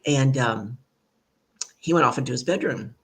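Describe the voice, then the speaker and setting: A woman hosting an online talk show, telling a family story in a lively, chatty way, with many asides, over a video call. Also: a bass voice, moderate pace. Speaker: show host. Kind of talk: conversational storytelling.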